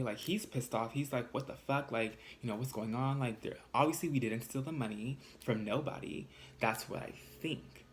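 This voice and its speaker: A young man from California telling a sassy, swearing storytime vlog with lots of fillers. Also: mid-range voice. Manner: animated, sassy, swears freely. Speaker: vlogger.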